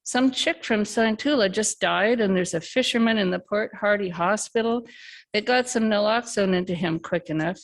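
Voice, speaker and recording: A woman reading a story aloud, voicing an angry young man who argues, swears and shouts. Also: high voice, moderate pace. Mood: heated.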